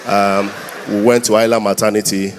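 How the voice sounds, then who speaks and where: A man's voice: fairly low pitch, moderate pace. Nigerian man doing stand-up in a hall. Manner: lively, prompting the crowd to clap and shout. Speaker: comedian. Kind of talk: live stand-up storytelling. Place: church hall. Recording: reverberant hall with faint noise.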